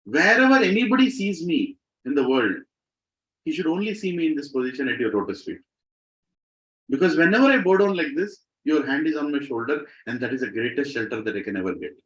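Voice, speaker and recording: A man's voice: on the high side, very animated, brisk, fairly bright tone. A man voicing a fervent devoted monkey god. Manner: impassioned and pleading. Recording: slightly muffled recording.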